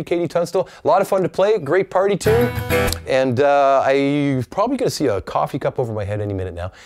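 A man teaching a guitar lesson in a relaxed, encouraging way, counting and scatting strum rhythms aloud while he plays. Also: lowish voice. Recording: loud guitar playing under the voice. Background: acoustic guitar strumming.

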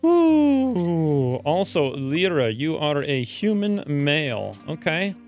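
Over soft background music, a man speaking a little slowly provides casual commentary on his own gameplay, let's-play style. He has the hiccups, and he's excitable, muttering his moves calmly and then letting out high yelps whenever something goes wrong.

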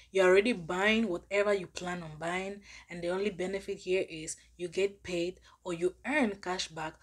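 Woman vlogger, mid pitch, patient step-by-step explainer. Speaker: finance app reviewer. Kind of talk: tutorial vlog.

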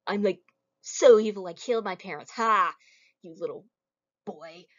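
A woman's voice: mid-range voice, moderate pace, lightly acted. A woman voicing a smug, evil man who is a pimp and boasts of his wickedness, in a mocking, gloating way. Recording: muffled lo-fi recording.

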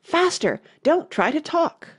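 A woman voicing a brisk, commanding queen in an audiobook. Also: fairly low pitch, sing-song. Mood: urging. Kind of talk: audiobook character reading.

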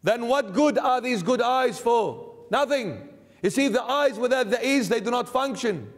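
Man, bishop, sermon, emphatic, rhetorical questions, high pitch, long reverb. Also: animated, normal speed. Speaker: bishop preaching. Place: church.

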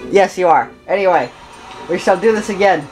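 A woman's voice: on the low side, fairly quick, a little mellow, faint music behind, poor audio. A woman hosting a gaming video, chatting casually and playfully, often interrupting herself. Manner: playful, rambling, self-interrupting. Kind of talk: casual gameplay commentary.

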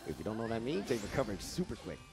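A man giving playful, excitable live commentary on a fighting game match, acting out the players' thoughts. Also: fairly low pitch, racing, vocal fry, music in the background.

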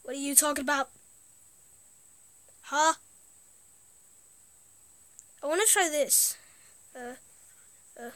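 A woman gives rambling, easily amused commentary on a game, her thoughts often trailing off. Her voice is high and bright, and her delivery is unhurried. The recording is close and dead dry. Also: dry recording. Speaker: gaming video host. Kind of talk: casual gameplay commentary.

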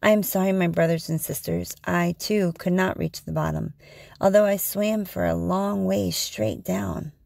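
A woman's voice: on the low side, fairly even intonation, a little slow, gravelly, a little mellow, no echo, studio quality, heavily acted. Woman reading as a boastful diving bird. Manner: boastful, then mocking. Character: boastful male hell diver bird.

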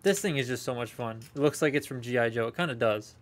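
Young male streamer, loose rambling chat with viewers, mid-pitch voice. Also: fast. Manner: rambling and chatty, talking to live chat. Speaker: toy collector streaming a haul unboxing. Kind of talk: casual live unboxing chat.

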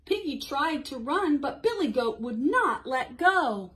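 A woman's voice: high-pitched, very animated, unhurried, fairly bright tone. A woman librarian leading a toddler storytime, encouraging and sing-song, reading a picture book aloud. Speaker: children's librarian.

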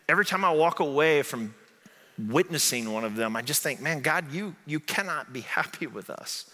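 A man's voice: mid-range voice, bright, forceful tone. A male pastor from southern Indiana preaching a conversational sermon in a church, often asking "right?". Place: church sanctuary. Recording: echoey sanctuary hall.

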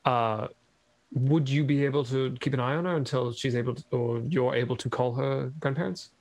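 A man player at a tabletop game, speaking politely and measured. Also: mid-range voice, darkish tone, no echo.

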